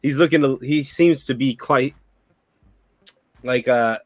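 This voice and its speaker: A man's voice: medium pitch, slow pace, dry recording. Guy dming a tabletop game, rambly, lots of restarts, dry mic. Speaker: dungeon master.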